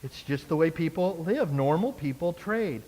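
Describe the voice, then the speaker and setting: A man preaching a sermon as a pastor, animated, acting out the people he quotes. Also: fairly high pitch, normal speed, long reverb tail.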